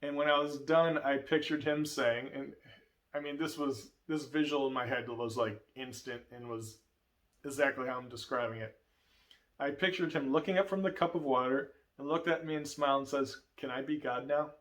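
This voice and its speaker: A man of ordinary middle pitch recounts a personal story of answered prayer as a guest speaker in church. His delivery is earnest and emotional, in a storytelling manner. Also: moderate pace, a bit bright. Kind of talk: testimony in a church service.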